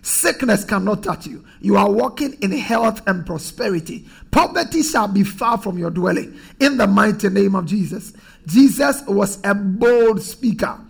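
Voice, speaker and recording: Male pastor, high gravelly voice, emphatic repetitive preaching style. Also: lively intonation, measured pace. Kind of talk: sermon.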